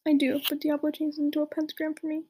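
A woman voicing a moody gothic young male vampire wizard in whispered role-play, speaking in a soft, mopey way. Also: high-pitched, monotone, fast, natural voice. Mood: anguished.

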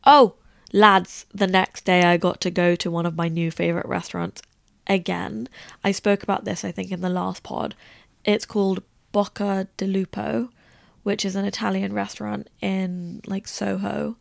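A young woman chats away as a podcast host, spilling stories in a loose, rambling flow. Her voice crackles with heavy vocal fry throughout. The recording is dry, with no room sound around her. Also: medium pitch, flat delivery, moderate pace, no echo. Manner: chatty, rambling, heavy use of "like". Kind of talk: casual storytelling chat.

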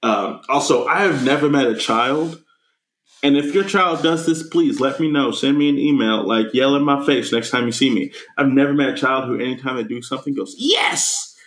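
A man's voice: mid-range voice, a little fast, a bit bright, echoey room, rough recording. A man co-hosting a podcast, recapping a movie scene by scene, swearing freely and acting out the characters' lines. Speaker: podcast co-host. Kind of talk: casual movie recap chat.

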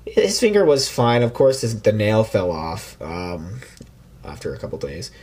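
A man's voice: fairly low pitch, expressive, unhurried, darkish tone, a little hiss or hum. A young man telling a casual, rambling story on a podcast, with frequent restarts and fillers. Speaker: podcast guest.

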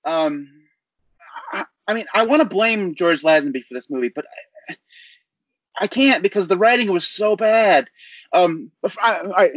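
Brief: male podcast co-host, higher voice, wry and stammering, dry dull recording. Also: animated, moderate pace, long pauses, no echo. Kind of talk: casual chat.

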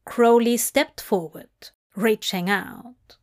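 Slow-reading woman narrator. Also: on the high side, lively intonation. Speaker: fanfic reader. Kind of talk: scripted narration.

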